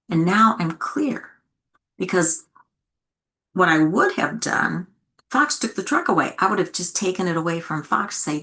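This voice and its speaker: A woman's voice: on the low side, normal speed, a bit bright. A middle-aged woman giving a talk to early childhood educators, earnestly acting out what adults and children say. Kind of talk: teaching talk with acted examples.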